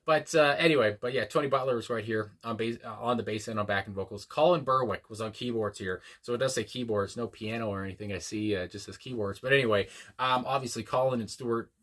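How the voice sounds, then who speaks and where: Male reaction host, mid-pitched and bright, earnest and rambling with lots of ums. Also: fast. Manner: rambling, hesitant, many fillers and restarts; earnest and reflective. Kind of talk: casual spoken reaction.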